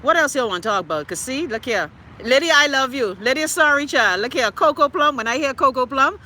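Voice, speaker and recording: A woman's voice: fairly high pitch, lively intonation, moderate pace, a little hiss or hum. Brash Bahamian woman ranting live. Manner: loud, profane, exclaiming ranting. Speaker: livestream host. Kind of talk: live-stream chat reading comments.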